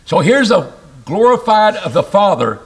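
A man preaching an expository sermon, reading scripture aloud and explaining it, with emphatic rises and sudden low drops. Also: moderate pace. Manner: animated, rising to emphatic bursts and dropping low.

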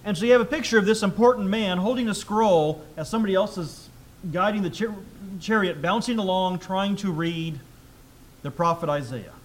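High-voiced male preacher. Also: moderate pace. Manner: conversational, with rhetorical questions; reads scripture aloud louder. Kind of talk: sermon.

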